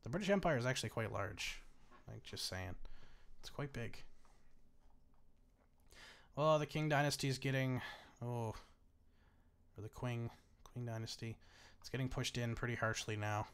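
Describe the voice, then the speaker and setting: This gaming YouTuber, a man with a mid-range, smooth voice, casually commentates a strategy game he's watching as a let's-play. He speaks at a moderate pace with long pauses, chatty and bemused, swearing freely and laughing often.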